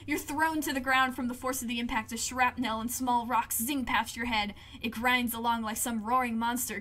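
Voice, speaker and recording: A woman reads a story game's text aloud to her viewers in a high, bright voice. She is lively and quick to exclaim when something happens. Faint room ambience sits behind her. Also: slight background noise. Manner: lively, exclaims and swears at events. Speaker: game streamer reading aloud. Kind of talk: reading game text aloud with reactions.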